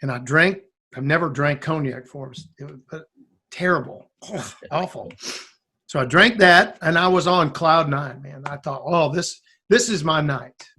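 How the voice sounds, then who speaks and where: A man with a fairly high speaking voice tells a long story from his past in casual conversation. He rambles and restarts often, and he acts out the lines of the people in the story. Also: moderate pace, bright, forceful tone, breathy edge. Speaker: guest musician.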